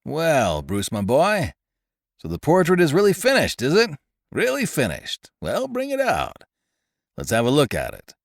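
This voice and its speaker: Narrator playing a red-faced jovial old uncle, loud and swinging. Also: male voice, medium pitch, wildly swooping pitch, a little slow, gravelly, no room sound, studio quality, full character voice. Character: hearty older male uncle, bluff.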